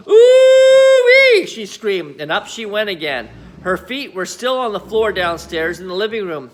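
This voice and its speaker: A man reading a children's storybook aloud in an expressive manner. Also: sits high. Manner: animated, expressive. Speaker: audiobook reader.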